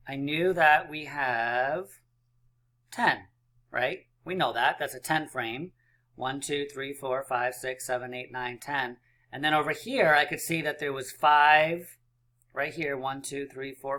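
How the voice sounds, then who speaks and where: A man's voice: medium pitch, pushed and bright. A male teacher leading a counting lesson for young children, encouraging and playful as he counts dots aloud.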